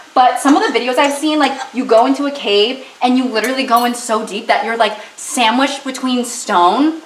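A woman's voice: on the high side, fairly bright tone, far from the mic, slight background noise. Chatty young woman cooking, off-mic. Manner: rambling, joking, lots of fillers. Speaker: vlogger. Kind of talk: casual chatty vlog while cooking. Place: home kitchen, cooking at the stove. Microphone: camera mic, no separate microphone. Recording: roomy, off-mic kitchen with stove sizzle.

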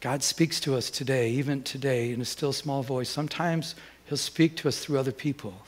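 A middle-aged man preaching a sermon as a pastor, telling a personal story with lively acted-out dialogue and many restarts. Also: mid-range voice, normal speed.

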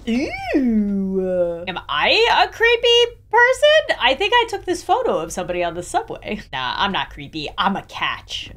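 Playful young woman with a lively voice. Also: on the high side, moderate pace. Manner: playful, self-mocking, with frequent laughs. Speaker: gaming YouTuber. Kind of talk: joking game commentary.

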